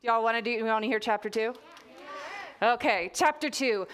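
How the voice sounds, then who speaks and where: A woman's voice: fairly high pitch, normal speed, fairly bright tone, clear, resonant tone. A woman from Texas, a children's author, chatting playfully and encouragingly with a room of children. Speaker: children's author hosting a library event. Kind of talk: lively talk with children.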